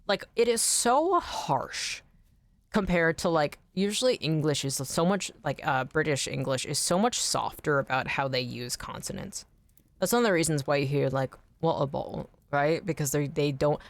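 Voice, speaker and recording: An American woman chatting casually on a game stream, animated, swearing freely and laughing often. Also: low voice, dry recording. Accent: General American. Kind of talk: casual chat while streaming.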